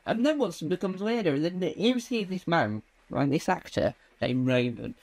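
Man, stand-up comedy, rambling, halting, fillers, high-ish voice. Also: expressive, darkish tone.

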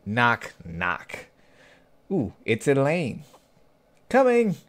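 Animated young man reacting to a comic. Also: on the low side, unhurried. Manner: animated, jokey, reads comic lines aloud and riffs on them. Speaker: webcomic reaction host. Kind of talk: casual reaction commentary reading a comic aloud.

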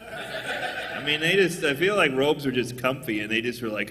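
A man doing a live stand-up comedy set on stage, jokey, often jumping into squeaky put-on voices. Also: lively intonation, normal speed, long reverb tail, background noise.

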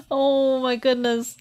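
A woman's voice: high voice, a little mellow. A woman streamer chatting casually with her viewers, laughing often and teasing them. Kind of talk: casual live stream chat.

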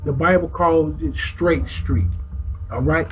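A man with a high voice preaches to a class in loose street talk. He is animated and fills his teaching with vivid illustrations and sound effects. A faint noise sits under the recording. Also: takes it slowly, poor audio.

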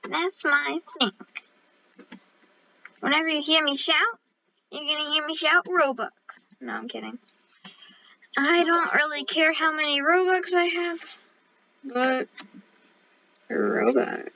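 A playful woman hosting a casual gaming video, joking and plugging her channel. Her voice is high and bright. The recording is dull and lo-fi. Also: takes it slowly, long pauses. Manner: playful, joking, self-promoting. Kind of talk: casual gameplay chat.

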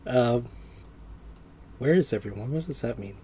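A man's voice: mid-range voice, expressive, a little slow, dark tone, slight background noise. A man giving casual gameplay commentary, chatty and joking, with surprised exclamations. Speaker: let's play gamer.

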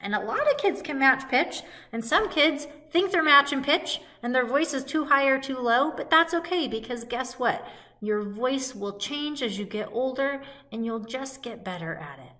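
A woman's voice: high-pitched, expressive, moderate pace, pushed and bright. A woman teaching a music lesson to young children in a cheerful, sing-song call-and-response way, recorded at home.

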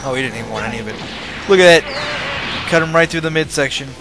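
A man giving casual, rambling gameplay commentary, excitable and swearing while he plays. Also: on the high side, quick pace. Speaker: let's play host. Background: loud game music.

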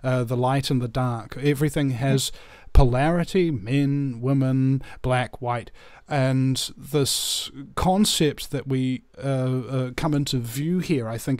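A man's voice: medium pitch, darkish tone, no room sound. A man chatting on a talk show, rambling through ideas with fillers and restarts and telling stories with animation. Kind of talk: casual chat, storytelling.

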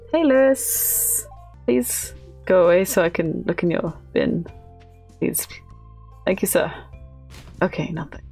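A young woman talks her way through a farming game, chatty and quick to laugh. Her voice has a gravelly, fry-edged texture, with faint music playing underneath. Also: on the low side, a little mellow. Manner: chatty, giggly, talks to characters. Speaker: gaming channel host. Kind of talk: casual let's play commentary.

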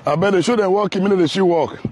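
High-voiced Nigerian man vlogging on foot. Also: a little fast, a little mellow, a little hiss or hum. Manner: chatty, teasing, heated. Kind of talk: casual walking commentary. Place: outdoors on a city road under construction.

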